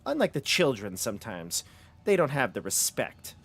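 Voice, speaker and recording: A man's voice: medium pitch, huge pitch swings, normal speed, a bit bright, exaggerated voice. A man playing a sly old hag. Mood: coaxing. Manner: smooth, coaxing, conspiratorial. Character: scheming old hag woman, sly and secretive.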